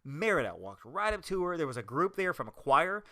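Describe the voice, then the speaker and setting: A man chatting fast with a bright, forceful voice, his pitch bouncing all over. He is an excited storyteller who acts out the quotes he tells. The sound is close and dry. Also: no echo. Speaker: podcast co-host. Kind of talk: casual chat.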